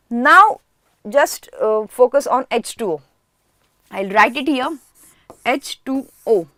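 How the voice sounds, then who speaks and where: A woman's voice: on the high side, a bit bright, dry recording, studio quality. A woman teaching a chemistry class online, who asks questions and answers them herself and repeats key words for emphasis.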